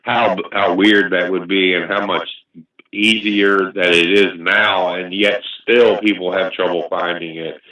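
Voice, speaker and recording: A man talking earnestly about faith in a casual chat, reflective and halting, with many restarts. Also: low voice, fairly even intonation, pushed and bright, far from the mic, muffled recording. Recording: very echoey room, off-mic.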